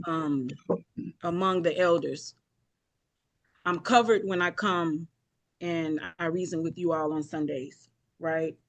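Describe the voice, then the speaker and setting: Woman keynote speaker, impassioned and rhythmic, heard over a video call. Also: on the low side. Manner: impassioned, rhythmic lists, frequent apologies. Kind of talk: emotional anniversary speech. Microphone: video call mic.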